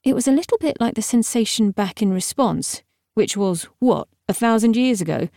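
A woman reading an audiobook as narrator, telling the story in a steady, measured way. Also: a little high, no room sound, clean studio sound. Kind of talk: scripted narration.

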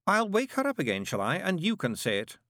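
A man's voice: sits high, wildly swooping pitch, brisk, a bit bright, no room sound, clean studio sound, pitched above the performer's own voice, heavily acted. A man voicing a sardonic, impatient male demon who snaps and grumbles sarcastically. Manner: snappish, sarcastic.

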